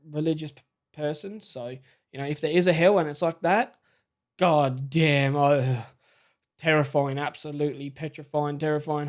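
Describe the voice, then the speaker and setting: Stammering Australian man, slightly high voice. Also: darkish tone. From South Australia. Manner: halting, stammering, shaken retelling. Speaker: vlogger. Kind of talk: personal storytelling.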